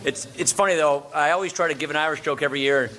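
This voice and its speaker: A middle-aged man from Wisconsin giving a formal luncheon speech, and he pauses for laughs after his punchlines. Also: on the high side, pushed and bright, a little hiss or hum. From Wisconsin, USA. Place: large banquet room. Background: audience laughter and room ambience.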